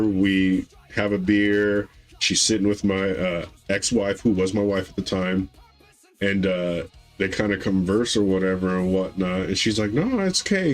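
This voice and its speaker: A man in his thirties telling a long family story in casual podcast chat, rambling with fillers and acting out quotes in a higher voice. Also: low-quality recording. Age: 30s. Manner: rambling, acts out quotes with raised pitch. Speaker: podcast co-host.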